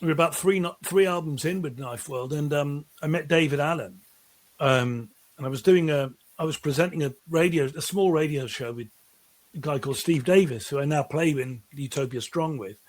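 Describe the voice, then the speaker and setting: Higher-voiced man telling rambling stories. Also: moderate pace. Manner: animated, rambling anecdotes with frequent restarts. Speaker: musician guest. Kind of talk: casual interview storytelling.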